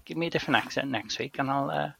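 A man's voice: mid-range voice, very fast, vocal fry, a bit bright, a little hiss or hum. A man talking as a podcast guest, hesitant and self-deprecating in casual chat.

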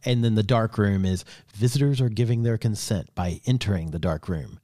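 A man with a somewhat low voice co-hosts a podcast in easygoing chat. He talks in an animated, joking way and often restarts his sentences. The sound is dry and close. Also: moderate pace, no echo. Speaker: podcast co-host. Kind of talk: casual chat.

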